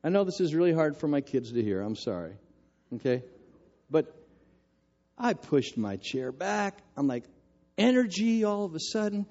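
An older man preaching a sermon, telling a story in a lively, self-mocking way. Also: a little high, moderate pace, pauses often, dull audio.

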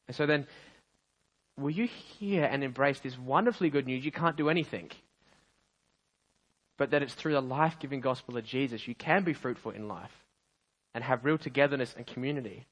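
A man's voice: mid-range voice, rough recording. A male pastor preaching a sermon with an earnest, emphatic delivery and frequent restarts, ending in prayer.

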